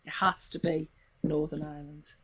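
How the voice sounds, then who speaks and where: An English woman chatting as a podcast guest, telling animated stories with gasps and laughs. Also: sits low, moderate pace, breathy edge. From England. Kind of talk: casual chat.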